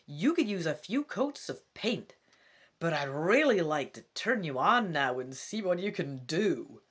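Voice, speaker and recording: Woman doing a slow, earnest American boy. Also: sits low, sing-song, husky, full character voice. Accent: put-on American. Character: earnest young boy fixing a robot. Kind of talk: reading a gamebook aloud.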